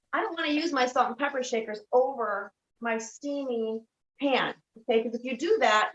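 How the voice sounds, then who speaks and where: In an echoey kitchen, a woman with a somewhat high, slightly bright voice gives a casual cooking demonstration as a product demonstrator. She's chatty and keeps checking in with the viewer with "okay?" and "all right?", and the sound is dull and lo-fi with faint noise.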